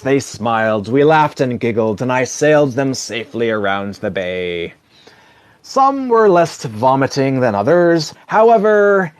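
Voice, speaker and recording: A man's voice: fairly high pitch, no echo. A man giving a casual comic reading, wry and digressive, chuckling at his own asides. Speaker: social video reader.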